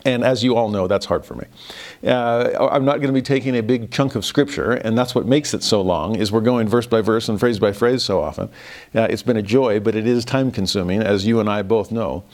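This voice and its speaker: A man's voice: fairly low pitch, brisk, a little mellow. A man, giving a devotional Christmas lesson in an earnest, reflective way with some self-deprecating humor. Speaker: religious teacher.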